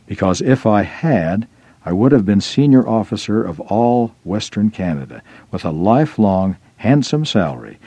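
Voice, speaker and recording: Deep, mellow man reading aloud. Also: no room sound. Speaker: reader. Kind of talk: reading a first-person religious article aloud.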